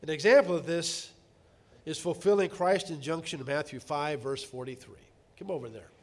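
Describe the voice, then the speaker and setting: A middle-aged man delivering a sermon in a somewhat high voice. He speaks earnestly, drawing out key words slowly and then swelling into emphatic, louder passages. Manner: earnest, rising to emphatic peaks, slowing to stress words. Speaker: preacher.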